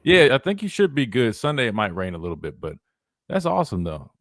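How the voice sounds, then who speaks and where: A young male sports radio host chatting loosely on air, his pitch swinging widely as he rambles and doubles back on himself. The sound is close and dry, with no room around it. He talks at an ordinary middle pitch. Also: quick pace, no echo. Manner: rambling, animated, lots of restarts and "wait, hold on". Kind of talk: casual talk radio chat.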